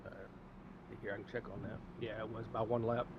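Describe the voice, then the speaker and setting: A man's voice: lowish voice, flat delivery, brisk, highs cut off, noisy background. A tired man co-hosting a race stream in casual chat, joking and laughing easily. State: tired from little sleep. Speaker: co-host.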